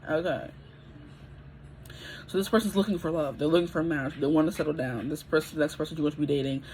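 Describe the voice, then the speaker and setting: A woman's voice: low voice, fast talker, a little mellow, slight background noise, rough recording. A woman in her twenties giving a casual pick-a-card tarot reading, chatty and rambling, often checking in with her listeners. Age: 20s.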